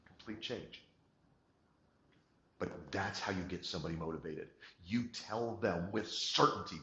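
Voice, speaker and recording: A man with a low voice gives a motivational coaching talk. He is emphatic, repeats his points and swings from quiet to energized. The recording is roomy and lo-fi. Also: moderate pace. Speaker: business coach.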